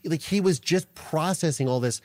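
A man in his forties, a guest in a podcast interview, speaking earnestly and haltingly with many restarts. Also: a little high.

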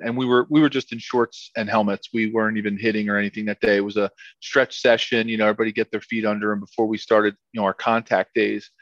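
A man's voice: fairly low pitch, dry recording, highs cut off. A middle-aged man, a former football lineman, telling stories as a guest in a casual interview, rambling and repeating words with many fillers.

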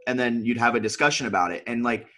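A man's voice: medium pitch, quick pace, bright, forceful tone. A man co-hosting a podcast, talking earnestly in a casual chat with many filler words. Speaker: podcast co-host.

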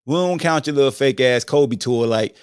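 A man hosting a podcast, delivering a joking commentary monologue in slang, swinging between high exclamations and low mutters. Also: normal speed, clean tone, dry recording, clean studio sound. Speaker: podcast host. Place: home streaming setup.

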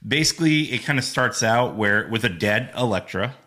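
A man's voice: mid-range voice, animated, normal speed, pushed and bright. A man co-hosting a podcast, casually explaining comic book storylines with a wry, laid-back manner. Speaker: podcast co-host. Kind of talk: casual chat.

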